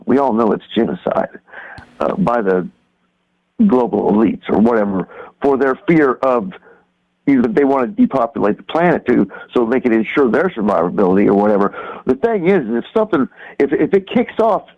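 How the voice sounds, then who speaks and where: A man calling in to a radio show, talking in a halting, rambling, conspiratorial way. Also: medium pitch. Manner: halting, many restarts and fillers, conspiratorial. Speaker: caller. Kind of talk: rambling call-in talk. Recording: dull lo-fi phone-in line.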